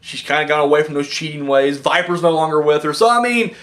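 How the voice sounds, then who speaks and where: Man, casual wrestling commentary, rambling, profane, high voice, swooping pitch. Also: quick pace. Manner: rambling, animated, profane, acts out wrestlers' lines. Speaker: wrestling review host.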